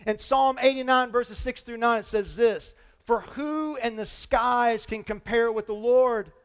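A man preaching a sermon as pastor, animated and full of rhetorical questions, reading scripture aloud to his congregation. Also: very high voice, measured pace, smooth.

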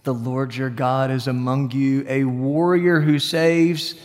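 A man preaching a sermon, moving between hushed whispers and bright, emphatic declarations. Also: mid-range voice, level tone, slow. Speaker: pastor. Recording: long reverb of a large hall.

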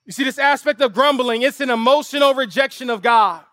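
A very high-pitched man with a sharp tone speaks a little fast, with no echo, as he preaches at an outdoor lawn service. The pastor's impassioned sermon recounts a family story vividly and builds through emphatic repetition to rhetorical appeals.

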